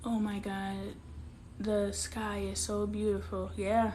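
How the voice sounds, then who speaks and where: A woman's voice: mid-range voice, monotone, takes it slowly, a little mellow, slight background noise. Candid woman host on a phone live stream. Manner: emotional, confiding, talks straight to viewers; reads and answers viewer comments aloud.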